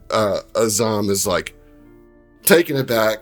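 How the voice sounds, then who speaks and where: Male game master, low voice, loose and chatty narration. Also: measured pace, soft background music. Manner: relaxed storyteller with many fillers.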